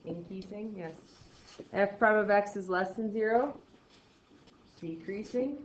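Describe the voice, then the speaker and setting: A woman's voice: medium pitch, takes it slowly, lo-fi sound, slight background noise. A woman teaching a math lesson in a casual, encouraging way, often asking questions and answering them herself. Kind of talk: classroom lecture.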